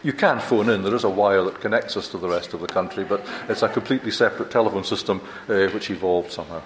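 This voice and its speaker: An older Scottish man gives a conference lecture in a roomy, echoing hall with a faint hum of ambience behind him. His voice sits a little low, and he talks in a chatty, self-deprecating way, often stumbling and restarting his sentences. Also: quick pace. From Scotland. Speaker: visiting university lecturer. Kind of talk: conference keynote talk.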